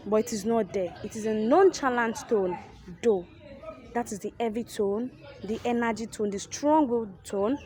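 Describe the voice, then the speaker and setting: A woman explaining Yoruba tone marks in a casual lesson, animated and repetitive, with Yoruba asides. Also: a little high, moderate pace. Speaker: language teacher.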